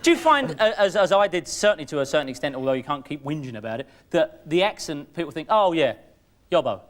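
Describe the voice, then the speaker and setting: A man hosting a comic chat show, excitable, stammering and laughing loudly. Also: fairly high pitch, fast.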